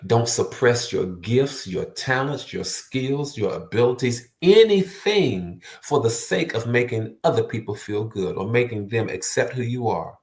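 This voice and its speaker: A man's voice: mid-range voice, animated, measured pace, few pauses, a little mellow. A man giving an earnest, emphatic motivational talk to the viewer, repeating words for stress. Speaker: motivational speaker. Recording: roomy echo.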